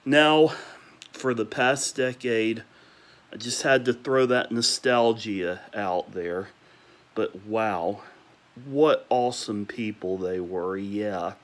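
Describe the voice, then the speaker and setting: A young man at home at night, ranting emotionally about people he misses and repeating warm praise, sometimes talking quietly. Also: fairly low pitch, slow pace. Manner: emotional, repetitive, listing names with gushing praise; talking quietly at times because parents are asleep. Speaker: vlogger. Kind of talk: nostalgic rant to camera.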